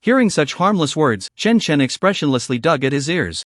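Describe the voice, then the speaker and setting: A man reading a scripted story recap in a steady narrating voice. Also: a little high, normal speed, dry recording, studio quality.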